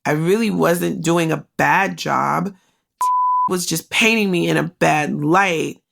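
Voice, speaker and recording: Candid woman host with a gravelly voice. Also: low-pitched, slow pace, a bit bright. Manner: candid and emotional, talks straight to listeners; conversational, with many "like" fillers. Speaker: podcast host. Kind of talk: personal storytelling.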